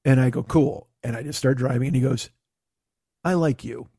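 A man's voice: medium pitch, moderate pace, gravelly, warm tone, husky, no room sound, studio quality. A man telling a casual, profane story in his own voice. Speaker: podcast host telling a story.

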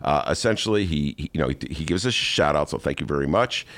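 A man hosting a casual talk show, jokey and animated, often slipping into mock voices. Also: very deep voice, fast. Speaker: podcast host. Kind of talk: casual chat.

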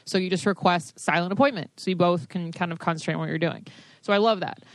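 A woman's voice: lowish voice, quick pace, no room sound. A woman hairstylist co-hosting a podcast, chatting bluntly and casually. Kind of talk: casual chat.

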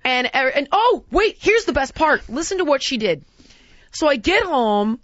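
A woman hosting a casual chat, telling a story in an animated, exasperated way and acting out what people said. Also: high-pitched, moderate pace, no echo, highs cut off. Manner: animated, exasperated, acts out quotes. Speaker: podcast host.

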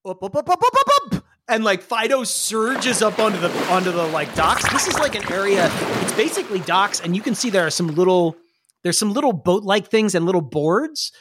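A game master narrates a tabletop game. The talk is chatty and animated, the pitch moving widely. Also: normal speed, slightly rough.

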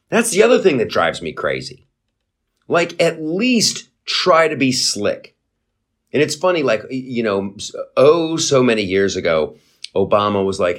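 Animated, rambling male podcast host. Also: medium pitch, a little slow. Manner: animated, rambling, profane, with sarcastic asides. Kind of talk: casual political commentary.

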